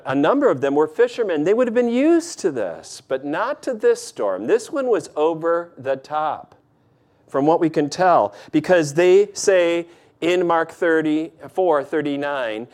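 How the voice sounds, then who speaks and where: A man's voice: fairly high pitch, darkish tone. A man preaching a sermon, reading scripture and then explaining it in a conversational way, with asides to the congregation. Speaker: pastor.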